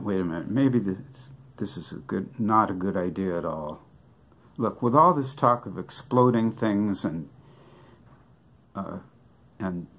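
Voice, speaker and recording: An older man talks through a comic monologue at an unhurried, deliberate pace. He delivers it with a wry tone, firing off rhetorical questions and then answering them himself. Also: on the low side, breathy edge. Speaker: comic songwriter. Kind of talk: joking monologue with props.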